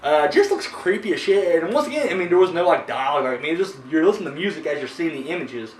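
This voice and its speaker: A man hosts a horror movie review show, rambling casually with plenty of fillers and profanity. His voice sits fairly high. He is caught at a distance in an echoey room under faint noise. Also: lively intonation, quick pace. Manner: rambling, swears freely, frequent fillers. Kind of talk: casual chat.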